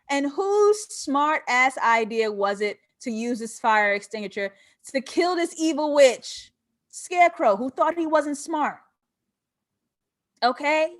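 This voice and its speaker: A woman's voice: high voice, a bit bright. A young woman hosting a live film breakdown, chatting casually and profanely with her viewers and laughing often. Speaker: host of a film breakdown show. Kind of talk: casual live-stream commentary.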